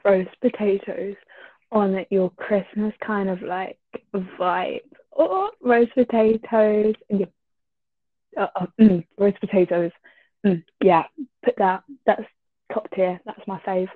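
A woman's voice: mid-range voice, slow pace, no echo. Female co-host, teasing and giggly, thin phone-like sound, dry. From England. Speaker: podcast co-host. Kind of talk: casual chat. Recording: tinny phone-like line.

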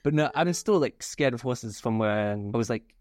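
A woman's voice: rumbling low, moderate pace. A young woman co-hosting a casual podcast, chatting easily and reading out facts. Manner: relaxed, reads facts aloud. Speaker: podcast co-host. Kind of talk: casual chat.

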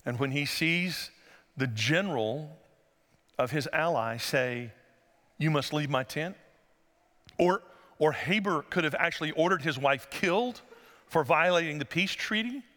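A male pastor, preaching a sermon and telling stories, sometimes acting out voices in a high falsetto. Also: animated, a little slow, long pauses, sharp tone. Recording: long hall reverb.

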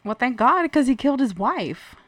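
A woman's voice: high voice, big pitch swings, fairly bright tone. A woman co-hosting a podcast, chatting and arguing back in casual banter with her partner. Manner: laughing, quick to argue back. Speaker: podcast co-host. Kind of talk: casual couple banter and story reading.

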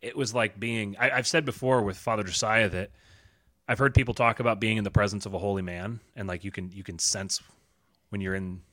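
A man with a fairly low voice talks as a guest on a podcast, recounting a story in a relaxed, conversational way. He is earnest and halting, often restarting his sentences. The sound is close and dry. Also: no room sound. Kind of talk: casual storytelling chat.

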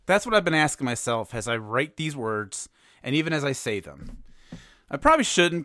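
A man's voice: mid-range voice, moderate pace, no room sound. Male podcast host, middle-aged, self-mocking scripted delivery; dry close-mic sound. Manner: wry, self-mocking, animated.

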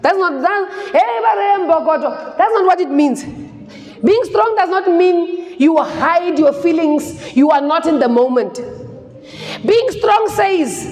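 A South African woman giving an emphatic motivational speech to a university audience, repeating phrases and building to shouts. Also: extremely high pitch, lively intonation, slow. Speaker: motivational speaker. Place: large hall. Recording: long hall reverb, faint music behind.

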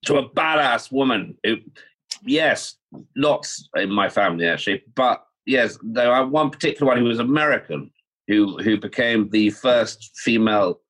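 A man in a casual chat, answering in a hesitant, halting way. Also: medium pitch, expressive, fairly bright tone, poor audio.

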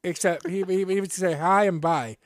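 A man's voice: sits high, normal speed, no echo, studio quality. A man from the Pittsburgh area hosting a podcast, telling rambling, profane stories in casual chat. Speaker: podcast host.

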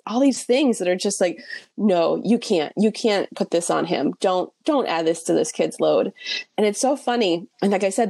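A woman's voice: mid-range voice, darkish tone, no room sound. A young woman co-hosting a book podcast, chatting animatedly with lots of fillers and self-mocking asides. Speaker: podcast co-host reviewing books. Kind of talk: casual chat.

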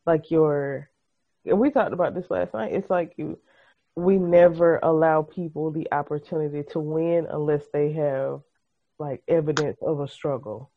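Black woman co-host, casual and expressive, tells long stories, kinda muffled zoom audio. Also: low voice, moderate pace. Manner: laughing, expressive, storytelling. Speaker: podcast co-host. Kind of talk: casual chat. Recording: muffled video-call audio.

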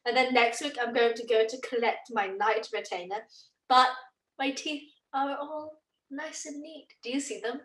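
A woman's voice: on the high side, normal speed. Echoey, distant woman on a call. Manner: lively storyteller, self-mocking. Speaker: interview guest. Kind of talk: casual chat. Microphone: video call.

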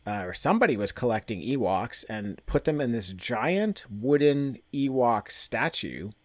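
A man co-hosting a podcast recaps a comic casually, laughing often and rambling with many filler words. His medium-pitched voice is animated and unhurried. The recording is dry.

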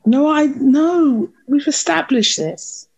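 A middle-aged woman co-hosting a casual family podcast, talking in an animated, laughing, defensive way. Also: high-pitched, slow. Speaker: podcast co-host and mother.

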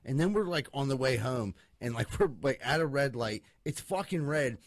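A man telling a fast, profane story in casual banter among friends. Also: mid-range voice, expressive, no room sound.

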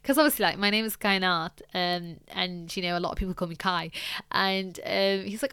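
A woman's voice: lowish voice, normal speed, pushed and bright, clear, resonant tone, no echo. A young woman telling a personal story on her podcast, candid and rambling, with many fillers and restarts. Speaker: podcast host.

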